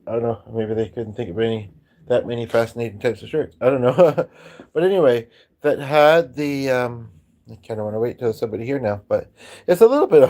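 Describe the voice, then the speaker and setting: A man hosts a casual music and chat stream, rambling and hesitant, full of ums and restarts and chuckling often. His voice is mid-range and a little mellow.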